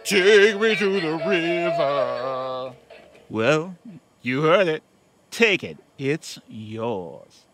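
A man's voice: mid-range voice, sing-song, very slow, fairly bright tone, a little hiss or hum, exaggerated voice. An actor playing a dorky roadside salesman with folksy sales patter. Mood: salesy.

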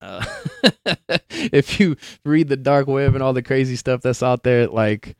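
A man's voice: mid-range voice, lively intonation, measured pace, creaky, a little mellow, no room sound, clean studio sound. Laid-back man rambling on a live stream. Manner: rambling, laughs often, swears casually, slangy. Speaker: podcast host streaming live. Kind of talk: casual live-stream chat.

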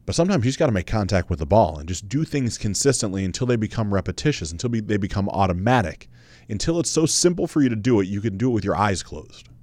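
Candid low-voiced male podcast host. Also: expressive, quick pace, a little mellow, no echo. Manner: candid, conversational, swears casually; earnest, emphatic repetition. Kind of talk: personal storytelling monologue.

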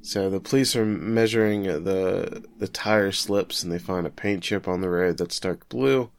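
A man with a fairly low voice talks through a plot recap in casual podcast chat. He cracks sarcastic jokes as he goes. The sound is dry and close, with no room echo. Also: unhurried, vocal fry. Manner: joking, animated, recaps plot with sarcastic asides. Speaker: podcast co-host recapping an anime episode.

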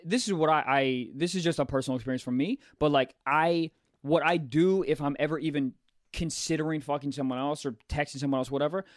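A young comedian man speaks with emphasis and gets excited quickly. His slightly high voice heats up into profane rants. The recording is close and dry. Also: no echo. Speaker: comedian, podcast co-host. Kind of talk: casual chat.

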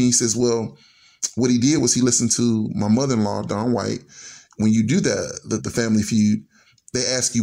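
A man's voice: mid-range voice, steady tone, a little fast, gravelly, a little mellow. A man in his forties earnestly telling a personal story in a conversational way, acting out bits of dialogue. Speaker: guest storyteller.

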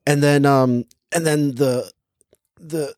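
A man's voice: a little high, fairly even intonation, slow, a little mellow, no echo, clean studio sound. A young man casually chatting and reviewing a movie, rambling with lots of filler words and laughing easily. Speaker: podcast co-host reviewing a movie. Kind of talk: casual chat.

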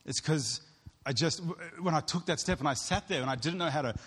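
A man's voice: on the high side, brisk, fairly bright tone, slightly rough. A man preaching a sermon as pastor, earnest and storytelling, acting out what other people said. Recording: long hall reverb.

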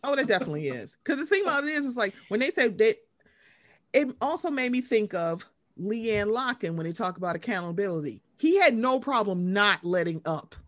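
A woman's voice: mid-range voice, fairly quick. A woman chatting casually and emphatically, acting out quotes with slang. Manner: emphatic, animated, acts out quotes, Southern US slang. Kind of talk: casual chat about reality TV.

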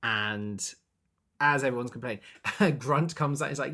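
A man chatting casually as a podcast co-host, recapping a stage musical and acting out characters' lines in quick bursts. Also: mid-range voice, gravelly. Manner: animated, acts out characters' lines in brief bursts.

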